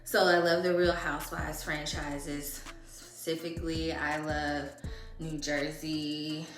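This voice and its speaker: A beauty vlogger in her thirties, speaking with a lilt in a low, fairly flat voice and at a slow pace, chats casually with viewers while doing her makeup in a get-ready-with-me video. The recording has a roomy echo with music in the background.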